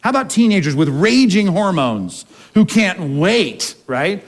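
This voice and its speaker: Male pastor, high voice, preaching a sermon, chatty, keeps asking the crowd questions. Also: sing-song, a little slow. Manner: conversational preaching with frequent rhetorical questions.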